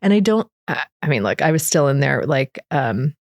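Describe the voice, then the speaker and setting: A woman's voice: a bass voice, normal speed, dry recording, studio quality. A middle-aged woman speaking earnestly in a candid interview, often acting out what she and others said. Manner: earnest, quotes herself and others in animated re-enactments. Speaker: guest sharing recovery story.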